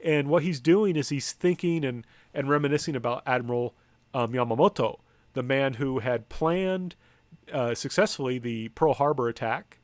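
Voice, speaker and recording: A medium-pitched man from the United States gives a slide lecture at a moderate pace, and the recording has no room sound. His delivery is chatty and halting, marked by frequent ums, restarts, self-corrections, and wry comments.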